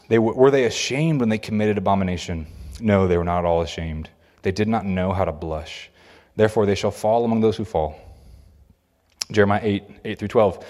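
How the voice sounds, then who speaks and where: A man's voice: sits low, fast talker, darkish tone. A man teaching a Bible lesson. He reads scripture aloud between explanations and repeats key phrases for emphasis.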